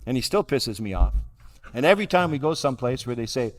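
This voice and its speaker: A man's voice: medium pitch, animated, fast. An older man giving a personal recovery talk to a meeting, blunt and dryly self-mocking. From Canada. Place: large convention hall. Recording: hall reverb from a live talk.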